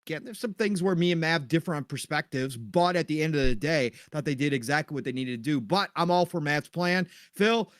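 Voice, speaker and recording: A middle-aged man with a Minnesota accent, hosting a casual podcast chat in an emphatic, excited way with casual swearing. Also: on the high side, a little fast, hardly any pauses, dry recording, clean studio sound. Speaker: podcast host.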